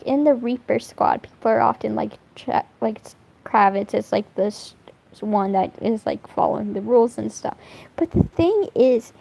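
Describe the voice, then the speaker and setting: Young woman streamer, casual chatty rambler with a little vocal fry, slow delivery. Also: on the high side, rough recording. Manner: rambling, animated, swears a lot, laughs often. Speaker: streamer drawing fan art. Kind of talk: casual chat while drawing.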